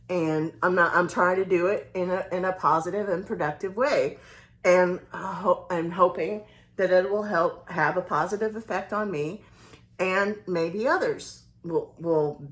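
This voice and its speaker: A woman in her forties with a Southern US accent, telling a casual confiding story with a rambling delivery and many restarts. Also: lowish voice. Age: 40s. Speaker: vlogger.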